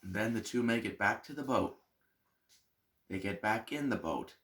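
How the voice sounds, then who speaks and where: A male pastor telling a Bible story as a Sunday school lesson, animated and then dropping to soft tones for emphasis. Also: fairly low pitch, normal speed.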